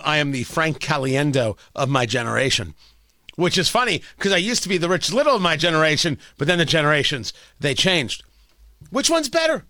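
A man's voice: fairly high pitch, pushed and bright, no room sound, studio quality. A male talk radio host delivering a sarcastic, ranting opinion monologue.

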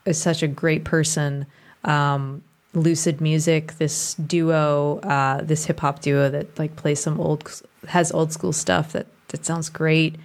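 A young woman radio DJ talking in a casual, rambling way, full of fillers. Her voice sits low, and she pushes it out with trained projection. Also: flat delivery, slow. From Boston area. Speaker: radio DJ guest. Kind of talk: casual conversation.

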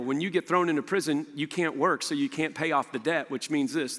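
A man preaching a sermon, animated, often acting out what the people in the story say. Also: fairly high pitch. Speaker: pastor. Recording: reverberant hall.

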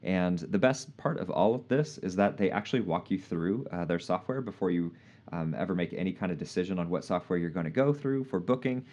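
A man hosting a casual live podcast, easygoing and quick to laugh, with plenty of "uh" fillers. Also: low voice, animated, a little mellow, dull audio. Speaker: podcast host.

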